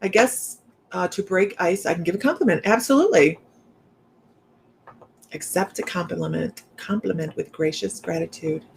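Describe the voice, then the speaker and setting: A middle-aged woman who works as a psychic medium hosts a casual livestream, chatty and upbeat as she reads viewer comments aloud and laughs often. Her voice is lowish with vocal fry, and she speaks at a moderate pace. A slight background noise can be heard.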